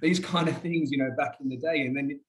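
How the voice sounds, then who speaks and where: A man's voice: a little high, steady tone, a little fast. An Australian man telling stories as an interview guest in a rambling, chatty way. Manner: rambling, chatty, often says "mate". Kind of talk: casual storytelling chat.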